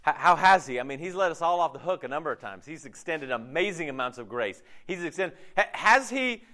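A man, a pastor, giving a conversational sermon, casual and animated, often acting out quotes in his talk. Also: on the high side, a little fast.

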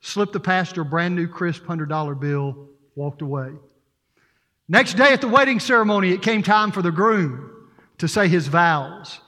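A man's voice: high voice, expressive, moderate pace, sharp tone. A man preaching a sermon as interim pastor, earnest and storytelling, with emphatic repetition. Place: church sanctuary. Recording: reverberant church hall.

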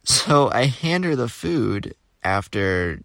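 A young man from Florida hosting a podcast, telling casual stories in an animated, jokey, exclamatory way. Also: mid-range voice, slow pace, vocal fry, no echo, studio quality. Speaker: podcast host. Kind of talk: casual storytelling.

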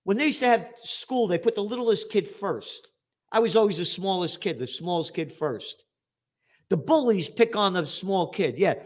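Blunt profane older New man. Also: high voice. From New York, USA. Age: 70s. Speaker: host. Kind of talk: ranting commentary.

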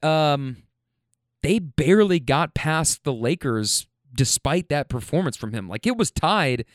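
A man's voice: medium pitch, dry recording, studio quality. A young man hosting a casual podcast, joking and rambling loosely about sports with lots of fillers. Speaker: podcast host.

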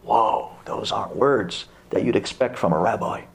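Give me an animated man preaching, storytelling with sudden high exclamations. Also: normal speed, vocal fry. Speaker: rabbi giving a Torah talk. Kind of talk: sermon.

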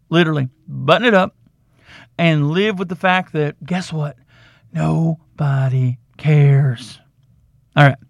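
Calling himself "the Doc," this podcast host lectures through a comic advice monologue, repeating himself and stretching words out for emphasis. His voice is high with vocal fry, and there's no room sound at all.

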